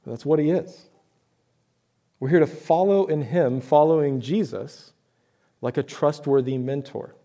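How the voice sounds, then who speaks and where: A man's voice: on the high side, unhurried, long pauses, dark tone. A man preaching a sermon to his church, talking in a conversational way with rhetorical questions and emphatic points. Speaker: pastor.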